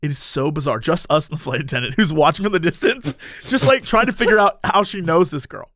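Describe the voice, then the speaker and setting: A young man with a high, light voice tells a story in casual chat. He is animated and breaks into laughter often. The sound is close and dry, with no room around it. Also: quick pace, no room sound. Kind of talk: casual anecdote.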